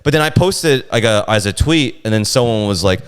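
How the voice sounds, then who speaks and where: A man's voice: lowish voice, brisk, clean tone. A man, a comedian, telling stories in a casual podcast chat and acting out quotes in exaggerated voices. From New York. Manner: animated storytelling, acts out quotes in exaggerated voices. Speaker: comedian guest.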